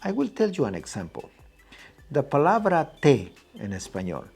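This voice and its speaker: Man with a lively teaching voice. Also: medium pitch, normal speed, creaky, breathy edge, soft background music. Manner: patient, repeats key points with "right?". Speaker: Spanish teacher. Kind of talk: explanatory lesson.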